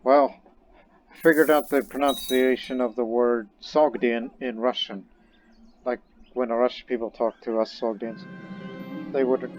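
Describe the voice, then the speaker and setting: A man's voice: mid-range voice, a little mellow. A man giving casual, rambling commentary while playing a strategy game, thinking aloud as he goes. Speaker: let's play gamer. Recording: dull lo-fi recording with faint game music.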